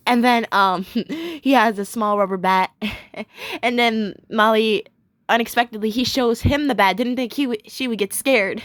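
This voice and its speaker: A woman's voice: a little high, unhurried, fairly bright tone, no echo. A young woman casually recapping a cartoon episode, rambling with many fillers, giggling and gushing in bursts.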